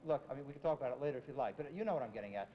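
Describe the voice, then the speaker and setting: A man's voice: mid-range voice, expressive, very fast. A man coaching musicians in rehearsal, scatting rhythms to show the phrasing. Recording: dull 1970s film sound in a reverberant hall. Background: music playing.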